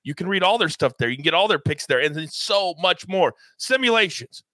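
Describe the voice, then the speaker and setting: A man hosting a sports betting show, running through picks with hype, loud bursts and catchphrases. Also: sits high, expressive, brisk, no echo. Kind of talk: energetic sports betting talk.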